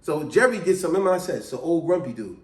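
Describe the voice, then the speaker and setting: A man telling a story in a casual, animated, chatty way. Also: fairly high pitch, fast talker, roomy sound.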